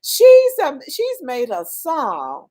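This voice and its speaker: A woman with a Southern accent chats through a livestream, greeting viewers by name and preaching encouragement in a folksy way. She talks slowly and deliberately. Her pitch leaps high and drops low, swinging between loud urging and soft asides. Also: lively intonation. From Southern United States. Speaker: livestream host. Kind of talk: casual live-stream chat.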